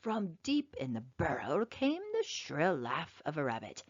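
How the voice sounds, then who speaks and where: A woman reading a children's picture book aloud with expressive, dramatic narration. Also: sits low, unhurried, few pauses, no echo. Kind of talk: storybook read-aloud narration. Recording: slightly dull, dry lo-fi sound.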